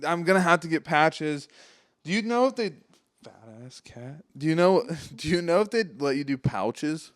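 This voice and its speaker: Laid-back young man, clear dry voice. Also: on the high side, expressive, moderate pace, dry recording. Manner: laid-back, swearing, trailing off. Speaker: podcast co-host. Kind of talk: casual chat.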